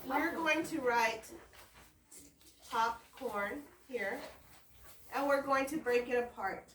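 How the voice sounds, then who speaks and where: A woman's voice: on the high side, takes it slowly, fairly bright tone. A woman teaching a primary school class, giving patient step-by-step directions and encouragement. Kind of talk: classroom instruction. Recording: echoey classroom, mic at a distance, noisy.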